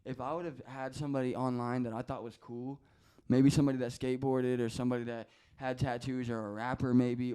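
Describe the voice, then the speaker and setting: A man's voice: mid-range voice, warm tone, clean tone. A man talking as a podcast guest, telling personal stories in a rambling, heartfelt way, swearing a lot and restarting his sentences often. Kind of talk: casual emotional storytelling.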